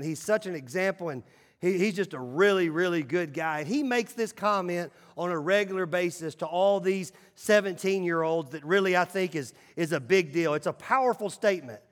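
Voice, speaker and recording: A male pastor preaching a sermon in a church, emphatic, swinging between loud calls and hushed asides. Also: sits high, in a large hall. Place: church sanctuary.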